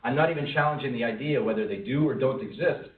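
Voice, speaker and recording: A man's voice: medium pitch, fast. A man giving a conversational talk to a workplace audience, asking a lot of questions and sometimes acting out quoted voices. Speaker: speaker at a lunch-and-learn talk. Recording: roomy, from a distance, faint room noise.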